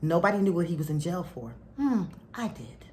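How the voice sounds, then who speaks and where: A woman's voice: on the low side, lively intonation, fairly quick, warm tone, a little hiss or hum. A middle-aged woman telling a personal story to her spiritual followers, dropping to a near whisper at heavy moments. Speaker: spiritual teacher.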